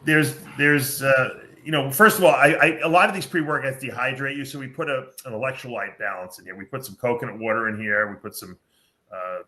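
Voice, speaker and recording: A podcast host chats casually, rambling and explaining things at length with lots of fillers. His medium-pitched voice is bright and forceful, and he talks fairly quickly.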